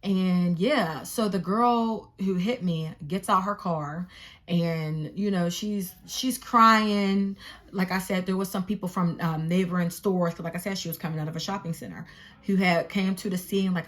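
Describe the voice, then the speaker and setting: Young woman vlogger, casual storytime, animated and swearing, openly exasperated. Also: medium pitch, unhurried.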